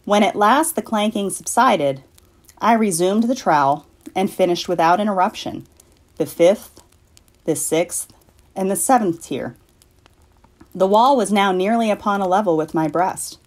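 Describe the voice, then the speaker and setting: A woman from a library reading a classic story aloud in a measured, deliberate way. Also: mid-range voice, a little mellow. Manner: measured, deliberate, slowing for effect. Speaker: library staff reader.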